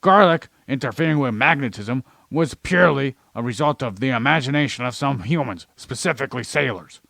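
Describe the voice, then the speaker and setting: Creaky-voiced man ranting profanely. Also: medium pitch, lively intonation, a little fast, sharp tone, no room sound. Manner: plays an alien persona in an ordinary voice. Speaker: podcast co-host. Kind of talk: rambling comedic science chat.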